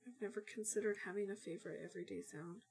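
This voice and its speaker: Husky sick woman, soft ASMR talk. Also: medium pitch, fast talker. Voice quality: husky, partly whispered. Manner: hesitant, self-deprecating, many fillers. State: sick, sniffling. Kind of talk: soft-spoken ASMR question answers.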